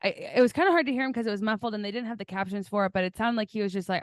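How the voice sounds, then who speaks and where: A woman's voice: mid-range voice, rapid-fire, hardly any pauses, no echo, clean studio sound. A woman co-hosting a podcast, chatting casually and giggling, often acting out quotes in silly voices. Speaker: podcast co-host. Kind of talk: casual chat.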